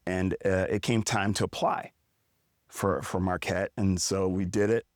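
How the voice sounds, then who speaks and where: A middle-aged man from Milwaukee telling a personal story as a podcast guest, in a deliberate, unhurried way. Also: deep voice, steady tone, no room sound, studio quality. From Milwaukee, United States. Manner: measured, deliberate storytelling with drawn-out words. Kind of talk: casual storytelling interview.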